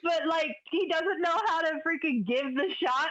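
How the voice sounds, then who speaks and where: High-pitched woman, giggly podcast chat. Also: moderate pace, fairly bright tone. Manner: giggly, chatty storytelling. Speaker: podcast co-host. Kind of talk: casual chat. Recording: dull lo-fi podcast audio.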